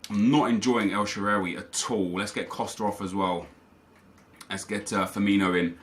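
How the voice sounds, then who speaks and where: Young guy venting while he plays, sharp bright tone, bit of background noise. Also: lowish voice, steady tone, moderate pace. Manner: frustrated, ranting, talking to viewers. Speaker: gaming YouTuber. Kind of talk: live gameplay commentary.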